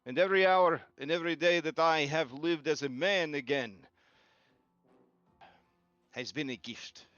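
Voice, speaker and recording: A remorseful man who was once cursed and is now freed, voiced by a game master, raised above the game master's own pitch and carried loud. He speaks solemnly and formally in a clean, bright tone. Faint music sits under a slightly muffled recording. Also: measured pace, pauses often, no room sound.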